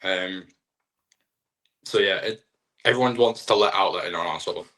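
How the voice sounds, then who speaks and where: A man's voice: low voice, normal speed, sharp tone. A young man, a wrestler, chatting casually in an interview in a rambling, self-deprecating way. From Britain. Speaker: wrestler guest.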